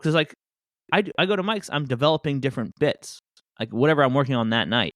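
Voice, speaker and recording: A man's voice: medium pitch, expressive, fairly bright tone, dry recording. Easygoing comic man, dry close sound. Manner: loose storytelling with quick voiced asides. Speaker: podcast host and stand-up comic. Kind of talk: casual chat.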